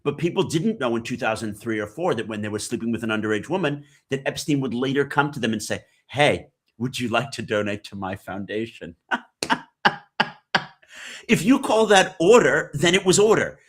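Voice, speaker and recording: A man's voice: mid-range voice, lively intonation, brisk. A man who hosts a podcast, giving emphatic interview commentary full of rhetorical questions. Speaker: podcast host as guest.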